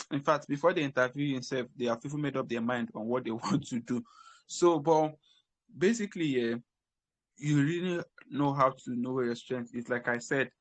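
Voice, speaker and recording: A man's voice: medium pitch, a bit bright, no room sound. Emphatic man giving crypto career advice. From Africa. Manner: repetitive, emphatic, frequent restarts. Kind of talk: casual advice talk.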